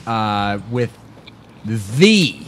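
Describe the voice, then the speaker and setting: A man's voice: on the low side, sing-song, very slow, fairly bright tone, slight background noise. A man hosting a casual podcast, telling stories and joking, laughing often as he talks. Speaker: podcast host.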